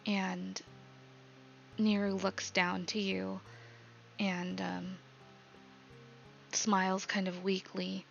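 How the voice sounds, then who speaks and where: A woman narrating as game master of a tabletop game, halting with many fillers. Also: mid-range voice, completely flat delivery, creaky, dull audio, soft background music.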